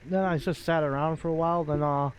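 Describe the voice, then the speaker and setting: A man's voice: on the high side, steady tone, quick pace, smooth. A man chatting casually while he plays a game, rambling with many fillers and restarts, into a desk microphone. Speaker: gaming video creator.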